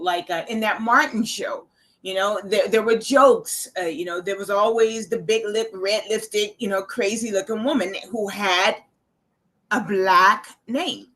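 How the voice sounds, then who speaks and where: A woman's voice: medium pitch, fairly bright tone. A woman speaking as a guest on a casual panel discussion, earnest, often repeating a word as she starts a thought.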